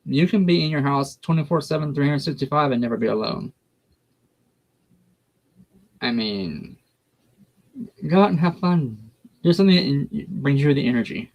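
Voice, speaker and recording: A man's voice: fairly high pitch, lively intonation, moderate pace, pauses often, low-quality recording. A man, a guest tarot reader talking in a folksy, blunt way. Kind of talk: casual chat during a tarot reading.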